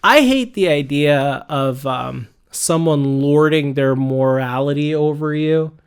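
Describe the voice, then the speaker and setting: A man's voice: fairly high pitch, clear, resonant tone. Wry, teasing male podcast host. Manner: wry, teasing, quick comebacks. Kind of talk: casual chat.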